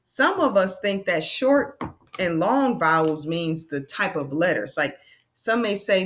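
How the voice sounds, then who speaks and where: A woman teaching a children's phonics lesson, slowly sounding out vowels and letters and checking in with the class with an encouraging "okay?". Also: mid-range voice, very animated.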